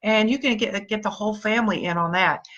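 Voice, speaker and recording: On a live stream, a motivational speaker and team leader gives her team an upbeat pep talk and greets viewers by name. Her medium-pitched voice is a bit bright and a little fast, though the recording sounds muffled.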